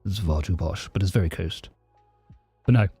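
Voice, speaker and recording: Speaking low at a normal speed with a breathy edge, a livestreaming programmer from southeast London chats with his audience, answering their questions and thanking subscribers warmly. His southern English accent leans toward received pronunciation but isn't posh. No room sound is audible, only faint music.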